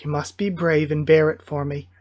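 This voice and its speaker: A streamer reading out a comic's gentle captive father in a near-plain voice. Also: medium pitch, level tone, moderate pace, muffled recording, natural voice. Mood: consoling. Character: gentle enslaved father comforting his son.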